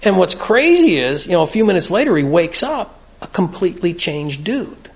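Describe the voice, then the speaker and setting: Gravelly earnest man telling stories. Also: high-pitched, very animated, normal speed. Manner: earnest, storytelling, plain-spoken. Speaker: recovery meeting speaker. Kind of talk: conversational talk at a recovery meeting. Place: meeting room, evening gathering.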